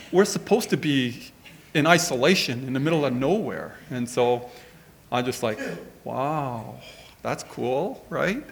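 A middle-aged man, gravelly and a touch creaky at the ends of his phrases, preaching through a personal anecdote. He rambles in a conversational way, full of asides, at an ordinary pitch. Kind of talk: storytelling sermon.

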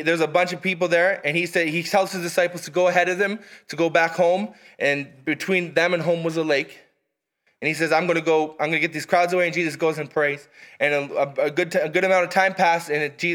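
A man preaching a sermon in an earnest, emphatic way, reading scripture aloud and pausing for weight. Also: a little high, a bit bright. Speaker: pastor.

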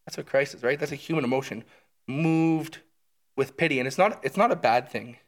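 A man with a medium-pitched voice, lively intonation, and quick pace teaches through a book of the Bible. His manner is enthusiastic and conversational, with frequent check-ins like "right?".

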